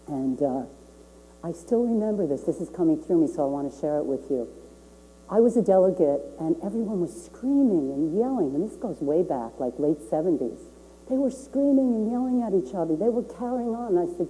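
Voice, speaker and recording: Older woman preaching in a very dark voice. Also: on the low side, lively intonation, a little fast, poor audio. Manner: earnest, repeats key phrases for emphasis. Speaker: minister. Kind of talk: sermon.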